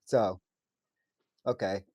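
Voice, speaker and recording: A man's voice: on the low side, steady tone, extremely slow, mellow, lo-fi sound. A man hosting a casual interview in a laid-back way, calling his guest "bro". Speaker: podcast host.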